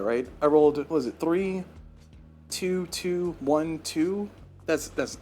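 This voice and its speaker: A man's voice: a little high, moderate pace, darkish tone, soft background music. Chatty man narrating a solo board game. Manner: chatty, exasperated over bad dice rolls.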